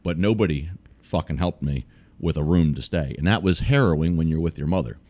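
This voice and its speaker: A man's voice: extremely low pitch, brisk, darkish tone. An American man telling a trip story in casual, profane podcast chat. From United States. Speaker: guest storyteller.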